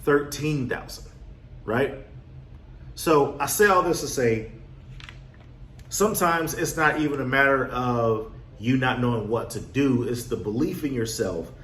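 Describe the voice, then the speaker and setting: A man coaching on real estate wholesaling in a casual motivational talk, acting out his own past with lively energy. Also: mid-range voice, measured pace, pauses often. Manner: animated storyteller, acts out his younger self. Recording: echoey room, faint background noise.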